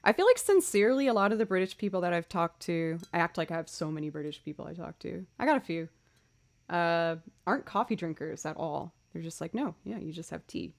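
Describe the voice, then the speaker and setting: A woman's voice: fairly low pitch, fairly quick. Young woman, streamer, chatty and bubbly, casual livestream talk. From Boston area. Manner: chatty, bubbly, excited greetings to chat. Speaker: streamer and musician.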